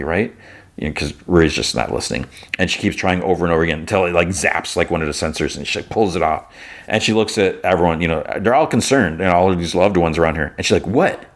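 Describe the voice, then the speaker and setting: A man hosting a podcast, casually recapping a TV episode with lots of fillers. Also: deep voice. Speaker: podcast host.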